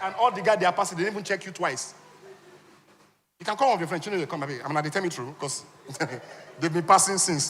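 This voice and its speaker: A man giving a lively motivational talk at a business conference, now and then acting out other people's voices. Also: slight background noise. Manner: animated, acts out high voices for women. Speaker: conference speaker. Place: large conference hall. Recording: reverberant hall.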